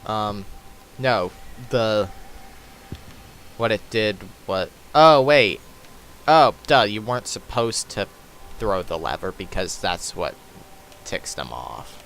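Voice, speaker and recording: A man casually commentating his own gameplay, thinking aloud and halting with frequent ums. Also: fairly low pitch, expressive, fairly bright tone, a little hiss or hum. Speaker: let's play host playing the game.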